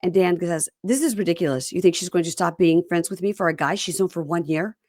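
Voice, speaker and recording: Low-voiced woman recapping reality TV. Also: darkish tone, dry recording, studio quality. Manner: retells scenes with quick mock voices, lots of "so, um". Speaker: podcast host. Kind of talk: casual reality TV recap chat.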